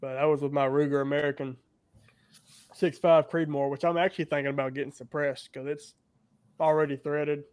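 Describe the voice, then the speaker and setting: A man's voice: a little high, steady tone, a little fast, a little mellow, clean tone. A man hosting a podcast, rambling in casual chat with many fillers. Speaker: podcast host.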